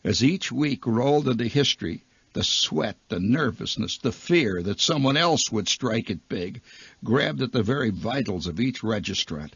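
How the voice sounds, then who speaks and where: A man tells a comic story in the manner of a radio storyteller, his voice leaping between big flourishes and hushed asides. His tone is a little husky and close to a dry mic. The sound is a dull, lo-fi archival radio recording. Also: mid-range voice, expressive, moderate pace, no room sound.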